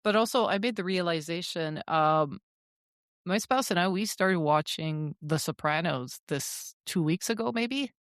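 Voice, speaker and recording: A woman with a fairly low voice is co-hosting a casual podcast. She tells stories in a chatty, animated way, full of ums and asides. Her voice is close and dry, with no room sound. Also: unhurried, no echo. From French Canada. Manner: chatty and animated, with many fillers. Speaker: podcast co-host.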